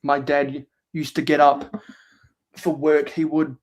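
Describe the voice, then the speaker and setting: A man's voice: fairly high pitch, level tone, takes it slowly. A man hosting a casual livestream while building LEGO. He talks hesitantly with many fillers and reads viewers' chat aloud. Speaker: livestream host.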